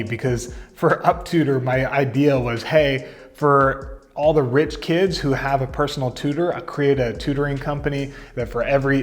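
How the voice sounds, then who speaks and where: A man in his thirties telling his career story in a relaxed, chatty way, full of fillers and asides. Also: mid-range voice. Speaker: content marketing coach. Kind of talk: casual storytelling to camera.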